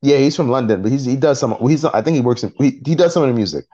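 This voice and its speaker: A man co-hosting a podcast in casual chat, retelling events in an animated way and acting out what people said. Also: medium pitch, fast talker, faint music behind. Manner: animated storytelling, acting out quotes. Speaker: podcast co-host. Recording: dull lo-fi recording.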